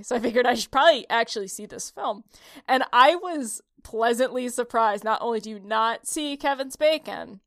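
A woman's voice: a little high, moderate pace, a bit bright, no echo, studio quality. A woman from upstate New York co-hosting a podcast, telling rambling stories with lots of laughs. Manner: giggly, rambling storyteller. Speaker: podcast co-host. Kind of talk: casual chat.

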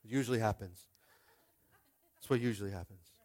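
A young man preaching a sermon as pastor, conversational and animated, calling out to the congregation. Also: on the low side, brisk.

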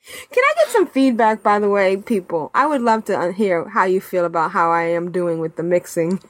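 A woman hosting a podcast in casual chat, animated and chatty, laughing often, talking over a remote call mic. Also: medium pitch, moderate pace, dry recording. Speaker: podcast host.

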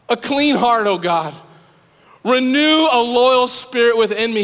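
Male youth pastor, high-voiced, preaching with a long hall reverb. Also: expressive, unhurried. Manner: fervent, swings from loud urging to hushed pleading. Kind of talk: sermon.

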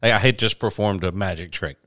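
A man, co-hosting a casual chat and telling stories in a relaxed way. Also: on the low side, brisk, no echo, studio quality. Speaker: co-host.

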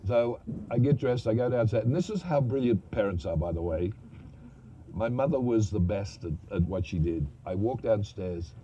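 Older man, low voice, profane, self-mocking storyteller. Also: animated, moderate pace, dark tone, dull audio, a little hiss or hum. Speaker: guest actor. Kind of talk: anecdotal storytelling on stage.

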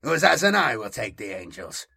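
A man puts on a battle-hungry armored warrior with a gravelly, husky edge to his voice. He speaks in clipped bursts, eager for the kill, bright and forceful in tone, in a slow storybook reading. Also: lowish voice, sing-song, heavily acted.

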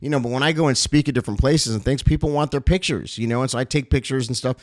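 An earnest male pastor speaks directly to his supporters in a mid-pitched voice. His talk is heartfelt and emotional, full of fillers and repeated phrases. The recording is dry and close, with no room echo. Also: fast talker. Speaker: pastor and ministry broadcaster. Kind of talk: heartfelt address to ministry supporters.

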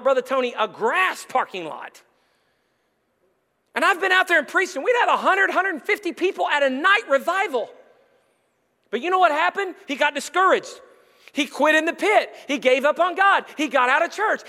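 A male senior pastor preaching an animated sermon, breaking into shouts and acted-out quotes. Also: extremely high pitch. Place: church sanctuary. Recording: long church hall reverb.

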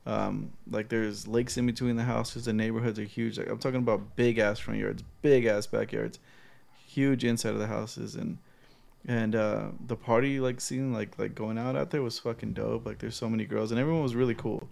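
A man chatting casually with friends, relaxed, swearing often and using lots of fillers. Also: fairly low pitch, normal speed, vocal fry. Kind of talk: casual chat.

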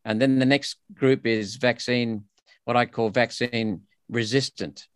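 A man's voice: medium pitch, steady tone, moderate pace, no room sound, clean studio sound. An Australian man speaking as a politician guest in a podcast interview, emphatic and indignant with frequent restarts.

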